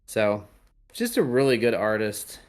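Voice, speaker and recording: Male podcast host, low-ish voice, meandering and halting, casual chat. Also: very animated, darkish tone. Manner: rambling, hesitant, lots of ums. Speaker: podcast host reading tarot.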